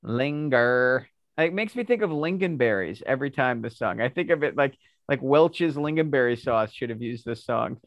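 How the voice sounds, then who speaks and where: Man, maryland accent, podcast co-host, joking, animated, dry sound. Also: mid-range voice, brisk, no echo. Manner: joking, teasing. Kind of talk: casual chat.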